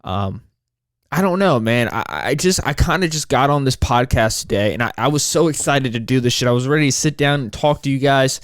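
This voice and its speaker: A man's voice: medium pitch, lively intonation, brisk, no echo, studio quality. A man in his twenties hosting a solo podcast, rambling and frustrated, swearing often as he talks. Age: 20s. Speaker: podcast host.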